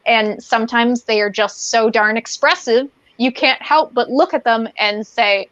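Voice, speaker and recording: A woman co-hosting a casual podcast chat, playful and rambling. Her voice sits a little high. The sound is dull, lo-fi and dry. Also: fairly even intonation, measured pace, a bit bright, dry recording. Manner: rambling and playful, with many fillers. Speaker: podcast co-host.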